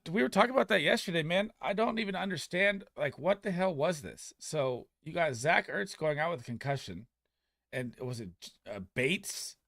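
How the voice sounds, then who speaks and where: A young man streaming fantasy football advice in a casual, excitable, profane manner. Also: on the high side, vocal fry, no echo, studio quality. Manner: excitable, profane, talks fast and loose. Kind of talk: casual livestream chat.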